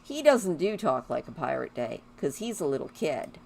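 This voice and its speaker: A woman's voice: low voice, sing-song, moderate pace, gravelly, darkish tone, slight background noise. A woman giving casual, rambling commentary while playing a life-simulation game, chatting to her characters and drifting into talk about music. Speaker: gaming YouTuber. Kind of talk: casual let's-play commentary.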